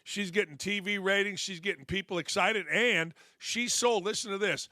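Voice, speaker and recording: A man's voice: high voice, normal speed, hardly any pauses, pushed and bright, no room sound, clean studio sound. A middle-aged man hosting a sports talk show, delivering a blunt, sarcastic, fired-up opinion monologue.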